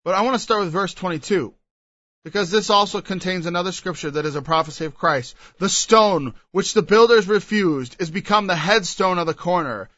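A man's voice: high voice, brisk, a bit bright, no room sound. A man preaching a sermon. He reads old scripture aloud and then explains it verse by verse. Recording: dull lo-fi recording.

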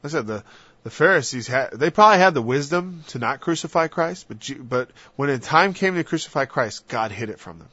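Man, earnest Christian talker, rambling and halting, dull dry lo-fi sound. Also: mid-range voice, lively intonation, slightly rough, dry recording. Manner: earnest, rambling, halting, with soft whispered asides. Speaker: Christian speaker. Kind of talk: casual religious discussion.

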